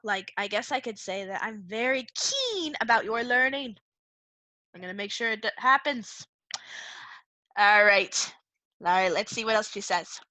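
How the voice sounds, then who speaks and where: Lively, bright-voiced woman teacher. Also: a little high, unhurried, dry recording. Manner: animated, playful, laughs often. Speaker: second-grade teacher. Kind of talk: remote reading lesson for children.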